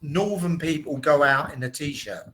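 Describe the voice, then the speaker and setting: A man from southeast England with a southern English accent, tutoring English in an online lesson and speaking slowly and plainly. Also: fairly high pitch, fairly bright tone, slight background noise, poor audio. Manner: slow, plain, deliberate speech. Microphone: video call.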